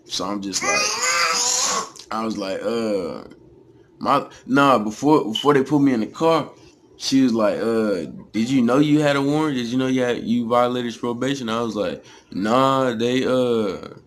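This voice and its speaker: A man's voice: mid-range voice, very animated, a little slow, a bit bright. A young man from Texas with a Texas accent, telling a story in a casual, slangy, profane way.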